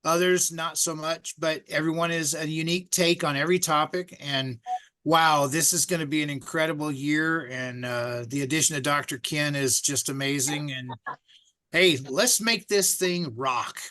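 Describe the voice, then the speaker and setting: A man on a video call, talking excitedly with stumbling restarts. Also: fairly high pitch, normal speed. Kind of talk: casual chat.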